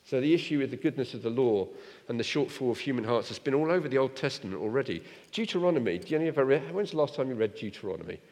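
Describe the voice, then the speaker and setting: A man preaching a sermon in a church, lively and direct, asking his congregation rhetorical questions. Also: medium pitch, fast, big-room sound.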